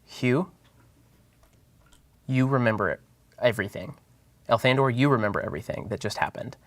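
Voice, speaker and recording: A man narrating a tabletop game as game master, in a loose, halting way with many fillers. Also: mid-range voice.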